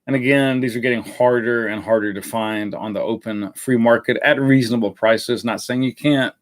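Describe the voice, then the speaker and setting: A man's voice: mid-range voice, steady tone, normal speed. A man hosting a live fragrance review in a casual, rambling way, with many fillers and self-corrections.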